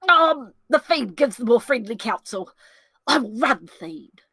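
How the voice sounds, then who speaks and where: A woman's voice: a little high, a little slow, breathy edge, no echo, heavily acted. A woman doing Lancelot Gobbo, a jittery comic servant. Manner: lively comic monologue, voices his fiend and conscience. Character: comic young male servant, jittery and torn. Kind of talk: solo dramatic reading of a classic play.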